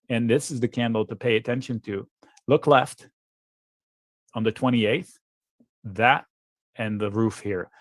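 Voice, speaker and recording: A man talks through stock charts on a live trading webinar, blunt and thinking aloud with quick asides. His voice sits in a middle register. The sound is dry and close, with no room around it. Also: medium pitch, no room sound. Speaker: options trader guest.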